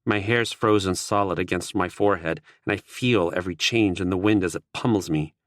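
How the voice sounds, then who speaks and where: A man reads a first-person audiobook in a steady, wry way. His voice sits on the low side. The sound is dry and close, with no room around it. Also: fairly quick, dry recording. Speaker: audiobook narrator.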